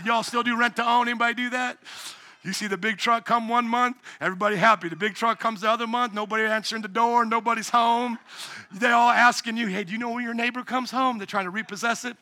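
High bright-voiced shouting pastor. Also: male voice, fairly quick. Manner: animated, shouting at peaks, acts out voices. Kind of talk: sermon. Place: church sanctuary.

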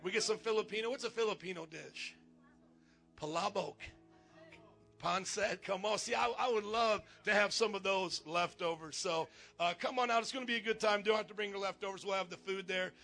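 A man making lively, joking announcements from the pulpit of a church, calling out to the congregation. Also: high voice, fairly quick, gravelly, faint music behind. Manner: animated, joking, calls out to the congregation. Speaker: pastor. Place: church sanctuary.

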